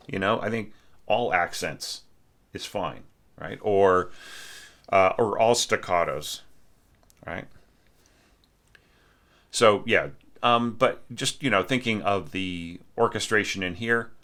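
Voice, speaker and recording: A man critiquing a student's orchestration, talking haltingly with many fillers and self-corrections, and now and then singing out rhythms. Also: low voice, bright, forceful tone. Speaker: orchestration teacher giving feedback. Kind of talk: spoken score critique.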